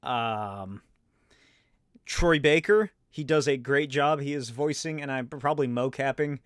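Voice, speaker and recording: A man's voice: mid-range voice, measured pace, clean tone, dry recording, clean studio sound. A man in his thirties chatting casually and rambling as host of a solo show, swearing and laughing often. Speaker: podcast host.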